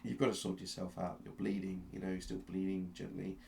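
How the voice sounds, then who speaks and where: Gravelly low-voiced man running a game. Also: little pitch movement, warm tone, slight background noise. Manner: slow, suspenseful storytelling with frequent restarts. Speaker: game master. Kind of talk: dramatic second-person narration of a tabletop game.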